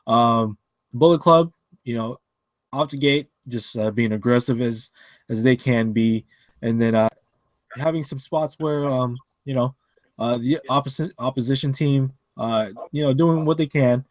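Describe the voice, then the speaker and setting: A man co-hosts a casual wrestling podcast from an online call, talking in a loose, rambling way full of fillers and restarts. His voice sits at an ordinary middle pitch. The sound is close and dry, with no room around it. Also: a little slow, no echo. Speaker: podcast co-host.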